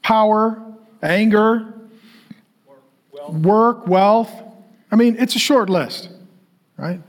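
Middle-aged male preacher, slightly higher voice, personal and then emphatic. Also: drawn-out words. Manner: personal storytelling, rising to emphatic call-and-response questions. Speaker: pastor. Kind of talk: sermon.

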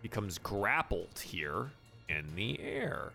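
Bright-voiced game master narrating. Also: male voice, fairly low pitch, very animated, slow pace, gravelly, soft background music.

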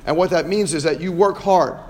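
A man's voice: on the high side, a little fast, a little mellow. A man hosting a podcast, giving an emphatic motivational talk to students and ending many phrases with "right?". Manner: emphatic, repeats "right?" often. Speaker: podcast host and chiropractor.

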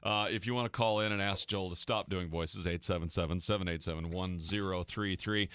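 A man hosting a sports radio show, talking quickly in a low register. His patter is breezy and upbeat, recorded dry and close in the studio. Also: fairly even intonation, fairly bright tone, clean tone, dry recording.

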